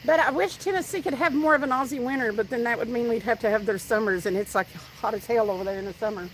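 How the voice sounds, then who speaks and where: She talks fast in a slightly high voice, a Southern US woman hosting a casual fishing livestream outside. Chatty by nature, she reads out viewer comments and tells stories. The audio is poor, with a little hiss or hum.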